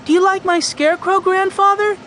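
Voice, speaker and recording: An excitable little boy, as a man puts him on. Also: very high voice, brisk, a little hiss or hum, voice pushed up. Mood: excited. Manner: eager and exclaiming. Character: excitable hungry six-year-old boy.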